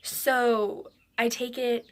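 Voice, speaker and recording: Woman telling a story, halting, slips into whispers. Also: on the high side, flat delivery. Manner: halting, with frequent restarts and drops into a whisper. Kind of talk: personal storytelling.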